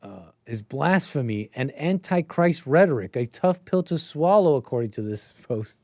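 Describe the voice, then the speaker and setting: A man's voice: medium pitch, lively intonation, normal speed, a little mellow, no echo, clean studio sound. A man hosting a casual political commentary stream, rambling, thinking aloud and laughing often. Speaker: host.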